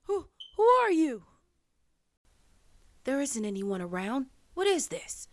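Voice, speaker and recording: A woman's voice: high voice, sing-song, takes it slowly, voice pushed up, exaggerated voice. A woman voicing a startled young man who has just woken up wounded, asking frightened questions. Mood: confused.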